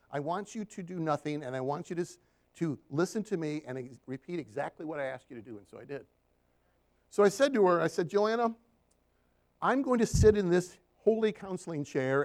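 A man preaching a sermon, telling stories from his counseling work and asking the congregation for amens. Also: on the high side. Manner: animated storytelling with call-and-response amens.

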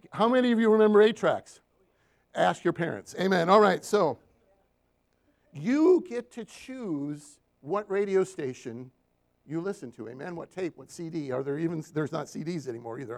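High-voiced preacher calling for amens. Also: male voice, normal speed, gravelly. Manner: animated storytelling with call-and-response amens. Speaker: preacher and counselor. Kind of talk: sermon.

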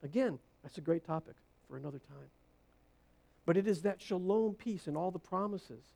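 A woman preaching a sermon, stressing her points by repeating phrases and swinging from hushed low lines to loud rising bursts. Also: normal speed, vocal fry.

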